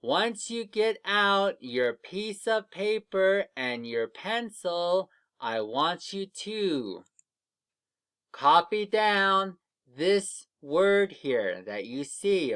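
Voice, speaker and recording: A man running a phonics lesson for small children, speaking slowly and patiently. His voice rises and falls a lot as he stretches out each letter sound for the class to repeat. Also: high-pitched, sing-song, fairly bright tone, clear, resonant tone. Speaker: teacher. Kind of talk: early reading lesson for young children.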